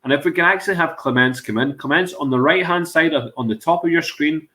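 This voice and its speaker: A man's voice: a little high, fast talker, pushed and bright. A man hosting an online whiskey tasting over a video call, chatty and jokey. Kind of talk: casual chat.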